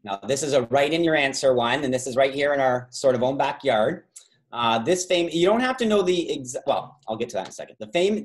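A man hosting a trivia quiz over a video call, reading out multiple-choice options slowly and drawing out the key words, with chatty asides and quick self-corrections. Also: mid-range voice. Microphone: video call microphone.

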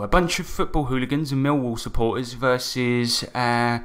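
A relaxed man, mid-pitched and easygoing, tells the story of a tabletop session to his fellow players. He swears casually and slips small laughs into his sentences as he explains the rules. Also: normal speed, hardly any pauses. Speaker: game master and podcast host. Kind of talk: casual podcast chat, recapping a tabletop campaign.

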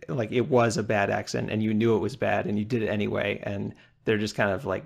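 Podcast co-host, male, gravelly, understated, conversational. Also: lowish voice, level tone, a little fast, hardly any pauses. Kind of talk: casual podcast chat.

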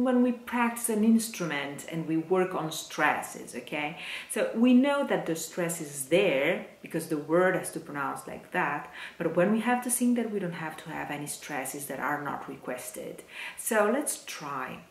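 Casting: Italian-accented female singing teacher, slow careful delivery, lowish voice. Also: animated. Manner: demonstrates phrases slowly, syllable by syllable. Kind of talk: Italian diction lesson for singers. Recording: roomy echo.

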